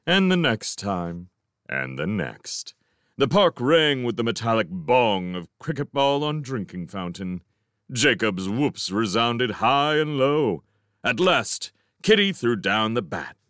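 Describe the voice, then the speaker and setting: A man reading a children's fantasy novel aloud, with expressive, dramatic storytelling. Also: medium pitch, slow pace, no room sound, clean studio sound. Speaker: audiobook reader. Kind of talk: scripted storybook narration.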